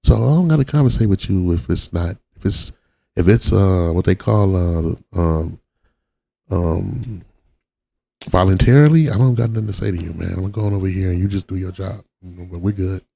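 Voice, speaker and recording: Gravelly, blunt man reacting to a clip. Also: sits low, moderate pace, warm tone, dry recording. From Watts, Los Angeles. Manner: blunt, profane street talk. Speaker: channel host reacting to a video. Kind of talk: reaction commentary.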